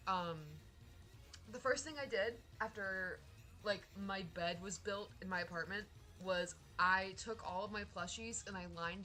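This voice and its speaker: A young woman streaming, chatting casually in an excitable, rambling way with lots of laughter. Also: mid-range voice. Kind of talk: casual live-stream chat.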